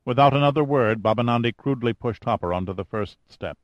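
A man narrating an audiobook with steady, even storytelling. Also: mid-range voice, fast talker, no room sound, muffled recording. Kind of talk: scripted narration.

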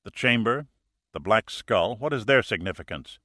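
A man voicing a calm, dry-witted male hero, speaking in a measured, softly firm way. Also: on the low side, no room sound.

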